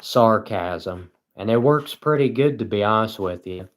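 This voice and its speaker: A man livestreaming at home, reading chat aloud and answering with deadpan sarcasm and frequent chuckles. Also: on the low side, measured pace.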